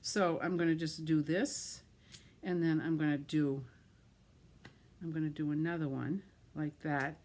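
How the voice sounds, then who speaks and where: A middle-aged woman with a deep, steady, slightly mellow voice talks at a measured pace with long pauses. She chats while making cards for a craft tutorial, poking fun at herself, stumbling over words and laughing it off.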